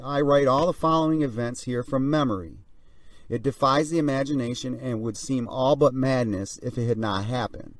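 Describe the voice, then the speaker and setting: A man reads a pilot's diary aloud in a steady, measured first-person voice. His mid-range voice sits a little back from the microphone. The room around it is dry and dead. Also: medium pitch, dry recording, far from the mic. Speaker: narrator. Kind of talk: reading a flight diary aloud.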